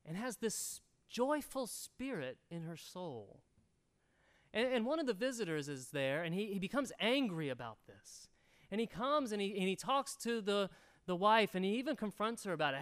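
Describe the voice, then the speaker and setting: Guy preaching, kinda high clear voice, gets loud then goes quiet. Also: sing-song, moderate pace. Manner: earnest preaching, swells loud then drops soft. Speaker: pastor. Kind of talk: sermon.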